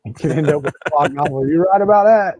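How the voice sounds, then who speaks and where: Guy joking around on a stream, kinda higher voice, dry muffled audio. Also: fast, darkish tone, no room sound. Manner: joking, storytelling with repeated restarts. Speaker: livestream co-host. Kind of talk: casual chat.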